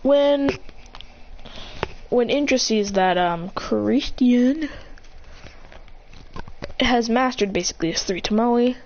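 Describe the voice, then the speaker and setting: A woman's voice: fairly high pitch, slow, pauses often, a little mellow, highs cut off, slight background noise. A woman improvising a fan-fiction story aloud, rambling and correcting herself as she goes.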